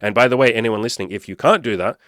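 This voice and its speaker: A man's voice: lowish voice, racing, fairly bright tone, dry recording, clean studio sound. A man hosting a question-and-answer show, giving blunt, profane dating advice and acting out example lines. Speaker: podcast host answering listener questions. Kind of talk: casual advice monologue.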